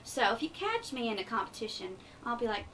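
Speaking in a sharp-toned, very animated, fairly high voice, this young adult woman has a light Eastern Kentucky accent. She's a pageant titleholder guesting on a radio interview, earnest, upbeat and quick to laugh. Faint background noise comes through the distant mic.

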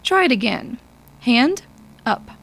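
A woman's voice: fairly high pitch, very animated, takes it slowly, vocal fry, a bit bright, voice pushed up, exaggerated voice. A woman voicing a stern, precise robot psychologist who speaks in a cold, clipped way in an audiobook. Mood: patient.

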